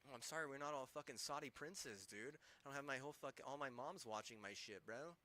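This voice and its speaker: A man's voice: mid-range voice, brisk, sharp tone, poor audio. A young man streaming games, ranting angrily with constant swearing. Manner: angry, profane, ranting. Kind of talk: casual gaming stream rant.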